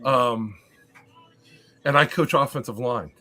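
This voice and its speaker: A man's voice: medium pitch, takes it slowly, pushed and bright, soft background music. A man in the middle of a casual podcast chat tells coaching stories with a dry, self-deprecating edge. His voice sits in an ordinary middle register. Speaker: panelist, football coach.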